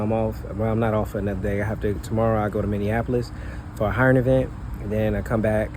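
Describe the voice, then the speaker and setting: A man's voice: medium pitch, noisy background. A man, a flight attendant, chatting casually and rambling through a vlog with plenty of fillers. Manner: relaxed, rambling, thinking aloud with fillers.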